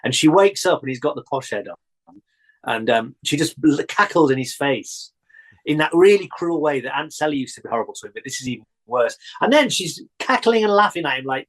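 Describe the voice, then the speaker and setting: A man, a guest on a chat show, telling childhood stories in an animated way and laughing often. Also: on the high side, moderate pace, low-quality recording. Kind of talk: casual chat.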